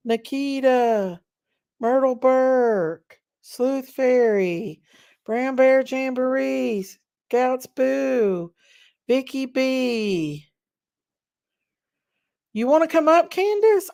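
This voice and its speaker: A woman hosting a casual livestream, greeting viewers by name in drawn-out, sing-song hellos. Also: high voice, darkish tone. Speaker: livestream host.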